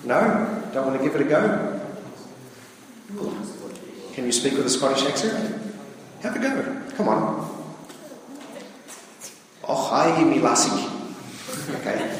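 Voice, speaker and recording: A man's voice: mid-range voice, a little hiss or hum. A man giving a plain-spoken, conversational sermon as a priest, often checking in with his listeners. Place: church. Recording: distant, echoey church recording.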